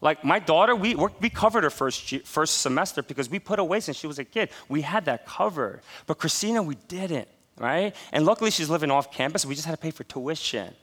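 A pastor in his forties preaching a sermon, telling stories with animated, laughing asides. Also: a little high, fairly quick, few pauses.

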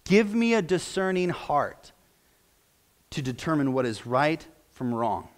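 A man's voice: a little high, very animated, measured pace. A male pastor preaching a sermon in a church, emotional and close to tears as he prays aloud. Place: church sanctuary.

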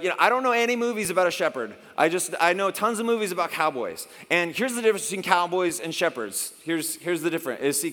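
A middle-aged pastor preaches in a loose, conversational way, often slipping into short acted-out exchanges. His voice sits a little high for a man. The sound carries a long hall reverb. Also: bright, forceful tone. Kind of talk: sermon.

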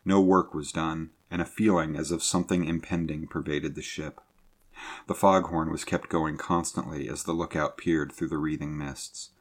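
A man reading a sea adventure story aloud in a measured, low-key narrating manner. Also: fairly even intonation.

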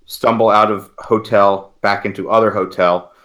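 Male podcast co-host, lower register, relaxed anecdotal delivery. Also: normal speed. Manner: storytelling, animated retelling. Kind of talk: casual chat.

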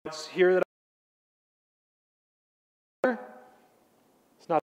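Emphatic male preacher in a reverberant hall. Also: sits high. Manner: emphatic preaching, slowing down to stress key words; addresses the congregation directly with questions. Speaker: pastor. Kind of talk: sermon. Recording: long reverb of a large hall.

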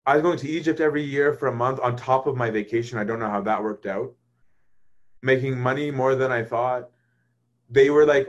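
A man's voice: medium pitch, brisk, highs cut off. Chatty man teaching on faith. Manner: conversational, keeps checking in with "right?"; acts out quoted thoughts in lively voices. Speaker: speaker leading a faith discussion. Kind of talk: casual spoken teaching.

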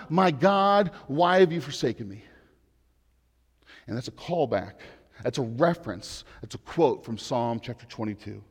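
A man preaching a sermon in an earnest way, rising to loud pleading and dropping to hushed lines. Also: high voice, long reverb tail. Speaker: pastor.

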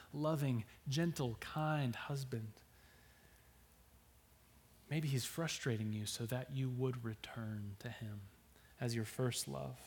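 Man preaching, hushed to emphatic. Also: medium pitch. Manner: swings between hushed, near-whispered lines and loud emphatic scripture reading. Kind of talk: sermon.

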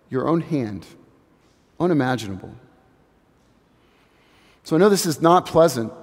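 A man in his thirties delivers a sermon in an earnest, reflective way, letting key phrases fall to a hush. His voice sits a little high. The sound carries the long reverb of a large sanctuary. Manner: earnest, reflective, building slowly to hushed emphasis. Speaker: pastor.

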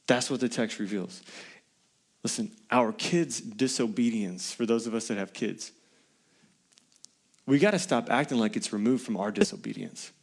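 A man's voice: medium pitch, moderate pace, gravelly, long pauses. A pastor delivering an earnest, conversational sermon to his congregation, often asking the listeners questions.

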